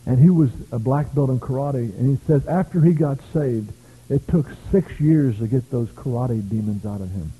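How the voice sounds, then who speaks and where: At a normal speed, a man from the United States with a mid-range, breathy-edged voice preaches revival-style, weaving stories with emphatic shouts of praise. The sound is tinny, lo-fi, and phone-like.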